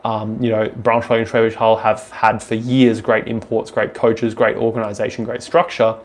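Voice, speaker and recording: A man's voice: fairly low pitch, flat delivery, moderate pace. A young Australian man with an Australian accent, casually answering viewer questions on a live stream in a loose, rambling way, full of ums and restarts.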